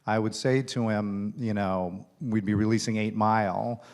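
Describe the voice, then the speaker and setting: A man with a lowish, steady, slightly mellow voice speaks at an unhurried pace. He is a studio executive and keynote guest at a conference, telling a long, chatty, self-deprecating story about his career onstage, with many fillers.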